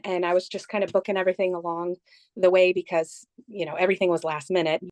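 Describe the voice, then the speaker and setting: A woman being interviewed, telling the story of a trip in a lively conversational way and quoting what others said. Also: fairly low pitch, fast talker, no room sound. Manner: animated retelling, quoting others.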